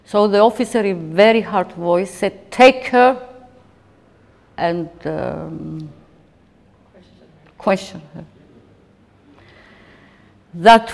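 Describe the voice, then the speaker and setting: A woman's voice: mid-range voice, darkish tone. A woman in her fifties tells her story in a documentary interview. She halts, restarts and presses on with emotion, her voice sitting in the middle range. A long reverb trails her words, as if she is recorded in a hall. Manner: halting, emotional retelling with frequent restarts. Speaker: interviewee recounting a personal ordeal.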